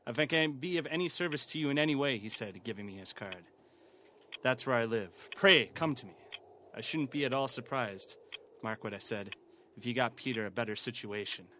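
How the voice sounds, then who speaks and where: A man playing a gentle poor father. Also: medium pitch, close to an everyday voice. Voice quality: soft, earnest, sentimental. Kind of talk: comedy audio parody.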